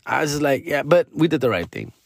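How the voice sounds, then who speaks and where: A man, a comedian hosting his podcast, telling a story in an animated, slangy, profane way on a close mic. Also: on the high side, fast talker, creaky, no echo. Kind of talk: casual storytelling.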